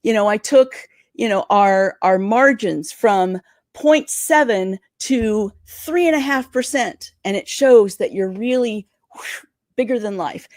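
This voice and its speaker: A woman coaches viewers through a livestream with quick, excited energy. Her voice sits at a middling pitch and sounds dry and close, with no room echo. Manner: energetic, talks fast and excitedly. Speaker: career coach.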